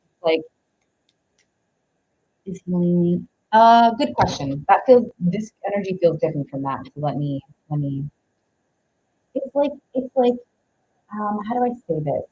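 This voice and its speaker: A woman with a low, deep-set voice gives a tarot reading on a live stream. She rambles, leans heavily on "like," and breaks off to greet viewers. The audio is dull and lo-fi, with a faint hiss underneath. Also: lively intonation, unhurried, long pauses. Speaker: tarot reader.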